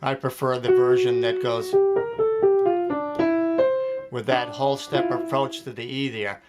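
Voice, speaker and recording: A man's voice: mid-range voice, flat delivery, unhurried. A man giving a jazz piano lesson, explaining phrasing step by step and counting beats aloud. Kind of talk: spoken music lesson. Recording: loud piano playing behind the voice.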